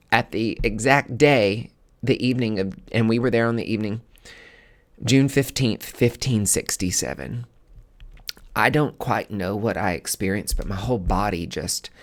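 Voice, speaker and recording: A man hosting a podcast, telling a personal story in a casual, rambling and emotional way, full of fillers. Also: fairly low pitch. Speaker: podcast host.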